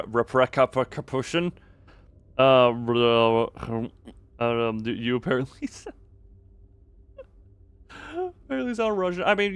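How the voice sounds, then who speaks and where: A man's voice: medium pitch, no room sound. Young guy streaming a game, rambly and jokey, makes fun of himself, pretty dry sound. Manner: rambling, self-mocking, jokey, often breaks off into laughs. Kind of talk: casual live-stream chat.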